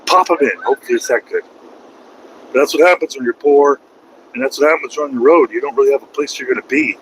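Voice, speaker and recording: Male trucker vlogger, casual rambling delivery, middle pitch, talking in his cab with a faint hum. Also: quick pace, rough recording. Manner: loose and conversational, slangy, repeats himself and trails off. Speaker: truck driver vlogging from the road. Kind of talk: casual rambling vlog chat.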